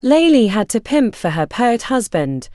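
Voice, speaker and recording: Woman narrator, first-person literary audiobook, animated rise and fall, dry close sound. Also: fairly high pitch, no room sound. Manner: measured first-person storytelling.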